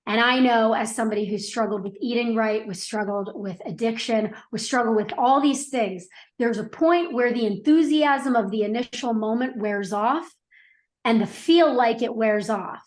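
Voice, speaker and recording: A woman's voice: on the high side, normal speed. A middle-aged woman guest on a podcast, telling her story in an earnest, reflective way with frequent restarts. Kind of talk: casual interview conversation.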